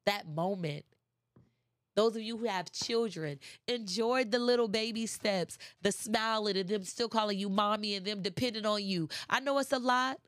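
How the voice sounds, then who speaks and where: Woman hyping folks up, repeats herself for emphasis, mid pitch, dry close sound. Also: fairly even intonation, moderate pace, dry recording. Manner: emphatic, repeats phrases for effect; chatty, addresses listeners directly. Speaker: motivational speaker. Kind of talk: casual inspirational talk.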